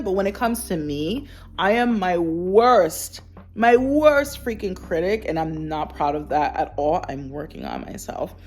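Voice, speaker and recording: Woman vlogger, candid and heartfelt talk to camera, repeats herself for emphasis, soft music under. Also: fairly low pitch. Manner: earnest, reflective, repeats phrases for emphasis. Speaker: lifestyle vlogger.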